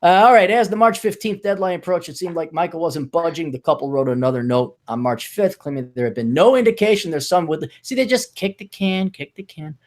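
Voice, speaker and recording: A man's voice: on the high side, brisk, few pauses, a little mellow. A man hosting a podcast, chatting casually and reading a news story aloud with sarcastic asides. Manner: sarcastic, mocking, laughs at the story. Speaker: podcast host.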